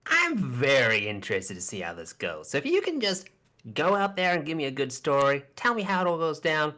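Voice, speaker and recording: A woman's voice: very animated, brisk, exaggerated voice. A woman voicing a brash, pushy male merchant in a tabletop game. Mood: wheedling. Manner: loud, pushy, high-pitched exclamations.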